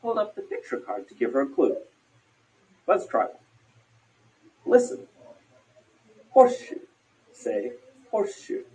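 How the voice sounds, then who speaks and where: Male narrator, very slow and expressive, encouraging teacher tone, recorded off-mic. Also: mid-range voice. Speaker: instructional video narrator. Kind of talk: scripted instructional narration. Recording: distant from the mic.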